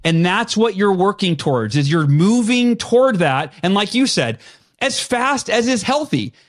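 A man with a high, light voice tells a story from his own past as a guest on a podcast. He talks with energy and acts out the things he said to himself, jumping between a calm telling and sudden animated bursts. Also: measured pace.

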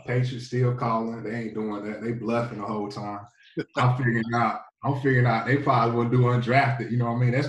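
A man from North Carolina, a pro football player, telling his story as a guest in a laid-back, rambling way full of fillers. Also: mid-range voice. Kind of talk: casual storytelling. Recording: roomy, distant from the mic.

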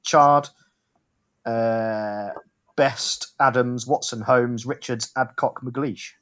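A man's voice: mid-range voice, steady tone, drawn-out words, fairly bright tone. A man co-hosting a casual football podcast, reading out listener tweets with dry, wry asides.

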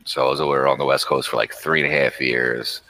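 A young man with a Philadelphia accent, chatting casually as a podcast guest, laid-back and quick to laugh. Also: a bass voice, fairly even intonation, sharp tone, a little hiss or hum, poor audio. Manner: laid-back, laughs often, repeats words. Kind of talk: casual chat.

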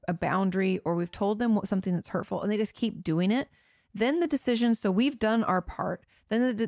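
Female therapist-host, casual advice chat, earnest and conversational, slight vocal fry. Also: mid-range voice, darkish tone, dry recording, studio quality. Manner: earnest, conversational, frequent "you know" asides. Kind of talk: casual advice talk answering listener questions.

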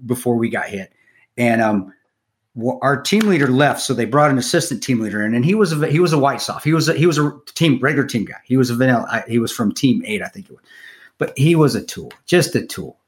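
A man's voice: medium pitch, expressive, quick pace. A middle-aged man telling a war story in a blunt, profane, casual way, often restarting his sentences.

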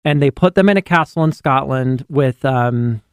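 A man co-hosting a podcast, chatting casually about films and TV, animated, with many fillers and restarts. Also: mid-range voice, moderate pace, clean tone, no room sound, studio quality. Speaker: podcast co-host. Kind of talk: casual chat.

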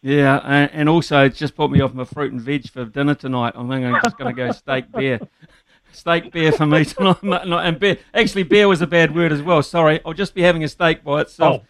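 A man's voice: a little high, fairly bright tone, no echo. A man with a New Zealand accent hosting a sports radio show, joking and teasing his guest in casual banter. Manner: joking, teasing, quick to laugh. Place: radio studio. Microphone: studio microphone.

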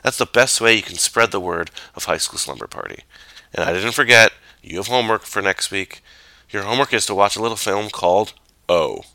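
A man's voice: fairly low pitch, brisk, dry recording, poor audio. A man hosting a podcast in casual chat, speaking with a sick, congested voice and laughing easily. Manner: relaxed, laughs often. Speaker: podcast host.

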